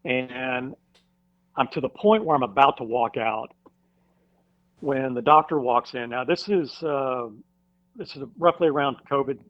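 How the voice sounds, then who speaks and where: A firefighter, a guest on a podcast, telling a personal story in a casual interview, halting with many fillers and restarts. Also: male voice, medium pitch, no room sound. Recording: dull dry recording.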